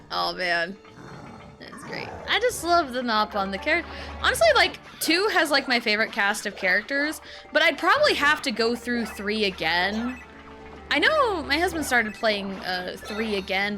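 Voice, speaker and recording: A woman streaming a video game, chatting casually and giggling as she gushes about her favourite characters. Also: on the high side. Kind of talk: casual gaming livestream chat. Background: game music.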